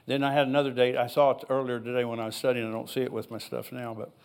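A man's voice: medium pitch, little pitch movement, rapid-fire, clear, resonant tone. An older man preaching a sermon in a church, reading scripture aloud and rambling into personal asides in an easygoing, conversational way. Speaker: pastor.

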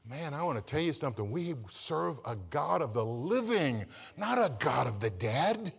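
A man preaching a sermon as pastor, swinging from quiet asides up to loud shouted emphasis and asking the congregation to answer back. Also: a little high, big pitch swings, normal speed, vocal fry, breathy edge. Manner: calls for congregation response. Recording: long reverb of a church hall.

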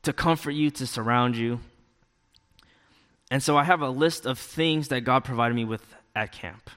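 A young man tells a personal testimony at a church youth event in a relaxed, chatty way. He fills his talk with casual fillers and acts out his own inner thoughts as he goes. His voice sits at an ordinary pitch and rings out with a long hall echo. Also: moderate pace.

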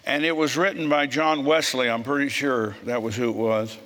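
A man preaching a sermon in a church, telling folksy stories in a frisky, forceful way. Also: medium pitch, fairly even intonation, normal speed, big-room sound.

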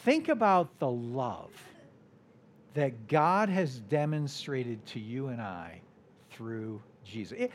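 A man with an American accent preaching a sermon as a guest preacher, deliberate, his voice sinking soft and low at the ends of phrases. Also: very animated.

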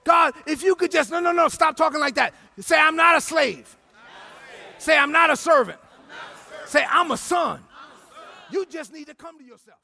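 A man preaching a sermon in a church sanctuary, shouting and sing-song in turns. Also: extremely high pitch, lively intonation, normal speed, vocal fry, long pauses, some chatter behind. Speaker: pastor.

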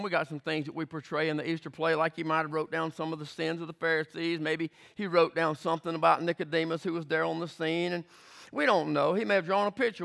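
A man's voice: high-pitched, vocal fry, a bit bright. A male pastor preaching a sermon, emphatic, repeating words as he builds his points and retelling scripture scenes vividly.

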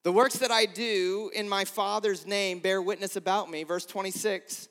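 A man preaching a sermon as a pastor, earnestly posing rhetorical questions and swinging between emphatic and hushed delivery. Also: high-pitched, steady tone, moderate pace, few pauses. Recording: long hall reverb.

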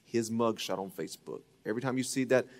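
A man preaching a sermon as pastor, telling a story and acting out the voices in it, swinging from loud to hushed. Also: medium pitch, fast, long reverb tail. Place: church sanctuary.

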